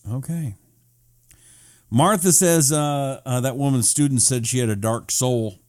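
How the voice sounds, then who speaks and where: A male political talk show host speaks live to his online viewers. His delivery is animated and sarcastic as he reads and answers their comments. His voice sits at a middling pitch. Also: a little slow.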